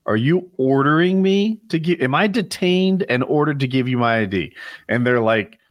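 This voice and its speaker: A man's voice: medium pitch, lively intonation, normal speed, dry recording. A man chatting casually on a podcast, thinking aloud and laughing easily. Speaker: podcast co-host. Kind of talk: casual chat.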